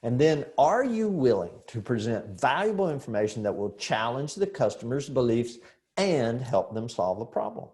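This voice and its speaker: A middle-aged man training real estate agents in a seminar, telling lively stories, acting out dialogue and putting rhetorical questions to the audience. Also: mid-range voice, normal speed. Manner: animated storyteller who acts out dialogue and asks rhetorical questions.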